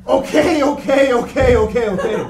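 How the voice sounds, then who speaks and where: A man's voice: sits high, slow, crowd noise. A man playing a reluctant, sarcastic recruit in an improv scene who whines and talks back. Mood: flustered. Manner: whiny, talking back. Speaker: improv performer. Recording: echoey room with background noise.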